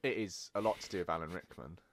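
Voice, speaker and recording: A man's voice: low-pitched, fast, a bit bright. A young man co-hosting a casual film podcast, rambling and self-deprecating, often laughing at himself. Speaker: podcast co-host. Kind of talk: casual chat.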